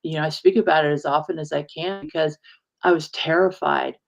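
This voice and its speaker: A woman with a heavily gravelly, creaky voice talks in a warm, halting conversational way. She pauses often and searches for her words. She sounds like a minister sharing something personal on a talk show. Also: low-pitched, steady tone. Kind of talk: casual heartfelt conversation.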